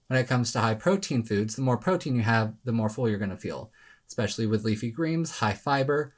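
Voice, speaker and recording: A man giving casual weight-loss advice straight to camera, animated and self-mocking, with sudden dramatic jumps in pitch. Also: a little fast.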